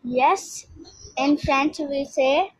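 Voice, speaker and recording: A woman with an Indian English accent giving a slow, informal language lesson, pausing often and repeating words. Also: high-pitched, dry recording, poor audio. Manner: slow, halting, repeats words, frequent pauses. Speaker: language teacher.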